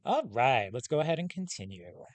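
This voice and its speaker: Animated male teacher guiding a class. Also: mid-range voice, moderate pace, dry recording. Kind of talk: reading a novel aloud to a class.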